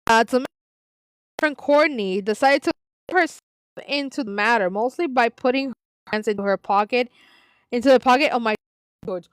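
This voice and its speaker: A woman's voice: a little high, normal speed, pauses often, clear, resonant tone, no echo, clean studio sound. A woman reading a story aloud and rambling into side comments, with many restarts and the odd Spanish exclamation. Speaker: story reader.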